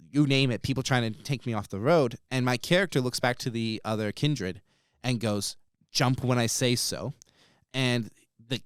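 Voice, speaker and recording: A man co-hosting a podcast, telling a story in a casual, animated way with plenty of "um" and "like". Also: mid-range voice, smooth, dry recording, clean studio sound. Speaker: podcast co-host.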